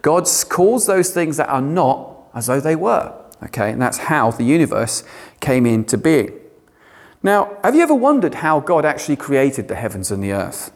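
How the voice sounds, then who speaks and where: A man preaching a sermon, animated and given to sarcastic asides. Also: a little high, moderate pace.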